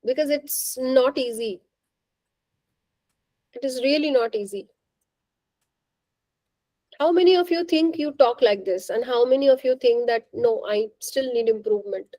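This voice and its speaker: A woman's voice: high voice, animated, a little slow, long pauses, mellow, dry recording, low-quality recording. A woman leading a faculty training workshop, questioning and coaching her audience. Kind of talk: interactive faculty workshop talk.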